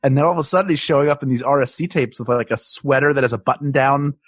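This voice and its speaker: A man with a husky, slightly breathy voice and a mid-range pitch, co-hosting a podcast from home. He talks in a loose, rambling way, restarting his sentences and laughing often. The sound is dry and close. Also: steady tone, fast talker, dry recording. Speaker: podcast co-host. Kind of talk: casual chat. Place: his home, recording remotely.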